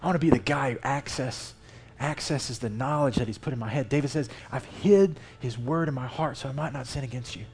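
In church, a male lay preacher gives a sermon in a conversational yet emphatic way, reading Scripture aloud with animated inflection. His voice is mid-range and fairly quick.

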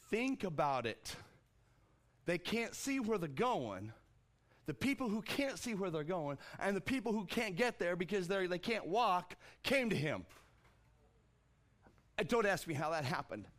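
A middle-aged man with a voice a bit higher than most men preaches a sermon. He talks loosely, stumbling over and repeating words. He acts out the scripture quotes with big leaps in pitch. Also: a bit bright. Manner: restarts and repeats words often. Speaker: pastor.

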